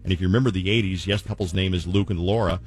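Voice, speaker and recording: Male radio host, low voice, animated chatty delivery, faint music bed. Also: very fast. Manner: animated, incredulous, recaps the caller's story. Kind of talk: casual radio chat.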